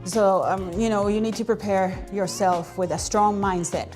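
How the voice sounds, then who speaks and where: Woman, live stream host, energetic, chatty, fillers, faint background music. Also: mid-range voice, moderate pace. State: out of breath.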